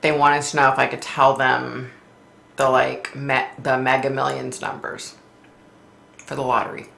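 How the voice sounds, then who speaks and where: Woman, psychic medium host, casual livestream chat, low gravelly voice, bright edge, echoey room. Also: little pitch movement, unhurried, a little hiss or hum. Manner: chatty, laughs often, reads comments aloud. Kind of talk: casual chat reading viewer comments.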